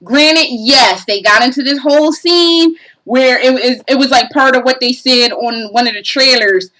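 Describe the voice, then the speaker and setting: A woman's voice: high-pitched, moderate pace, sharp tone, rough recording. A woman giving a casual game review, profane and exasperated, ranting animatedly.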